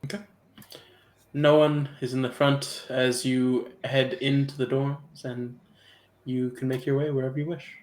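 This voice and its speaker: Gm guy running the game, chill and measured, roomy echo. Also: mid-range voice, flat delivery, a little mellow. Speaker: game master.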